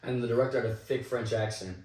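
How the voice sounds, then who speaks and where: A man's voice: mid-range voice, quick pace, distant mic. A young man, an actor guest in an interview, telling anecdotes casually and animatedly, acting out the people in his stories. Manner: animated anecdotal storytelling with quoted asides. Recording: echoey room, a bit off mic.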